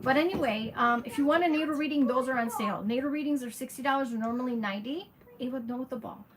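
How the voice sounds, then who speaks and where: A woman's voice: sits high, fast talker. A woman astrologer chatting casually on a livestream, frank and talkative, answering viewers by name. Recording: steady background noise.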